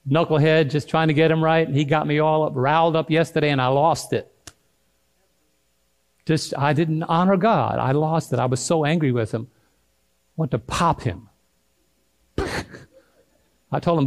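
Male pastor preaching, kinda high voice, gets loud then soft, asks the church to back him up. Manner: dynamic preaching, swings between loud and hushed, calls to the congregation. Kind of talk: sermon.

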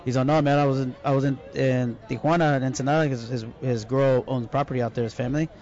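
Brief: quick, rambling male storyteller, swears a lot, muffled lo-fi sound. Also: mid-range voice, fairly even intonation, a little mellow. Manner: rambling, profane storyteller with Spanish slang. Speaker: podcast co-host telling a story. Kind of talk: casual chat.

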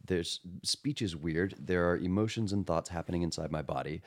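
A man in his thirties from Texas, a guest in a relaxed podcast conversation, reflective and self-deprecating, talking in a house. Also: sits low. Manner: reflective, self-deprecating, quick to mimic voices. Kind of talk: casual chat. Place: room in a house.

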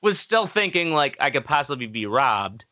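A man's voice: medium pitch, very animated, moderate pace, sharp tone. A young man casually telling a long story on a podcast, rambling with fillers and laughs. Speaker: podcast co-host.

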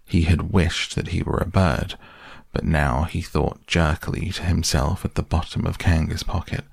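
A man reading a children's storybook aloud in an unhurried, gentle way. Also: low voice, fairly even intonation, creaky, breathy edge, dry recording, clean studio sound. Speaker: narrator.

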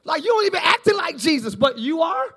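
Male pastor, very high voice, live church sermon, shouts and jokes. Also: fast talker. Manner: animated preaching, often shouting, playful asides. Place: large church, live service.

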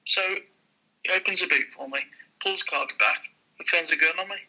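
A man with a high, bright, somewhat husky voice tells anecdotes at a quick clip. He acts out each exchange in his story. The sound is thin and tinny, like a phone line. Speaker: guest, former car dealer. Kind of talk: casual storytelling.

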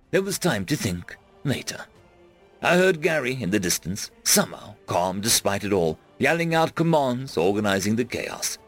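An expressive man narrates a first-person fantasy web serial as an audiobook, his voice swooping up and down through the action and shouting the dialogue. His pitch is mid-range with a lively melody, and soft music runs faintly beneath.

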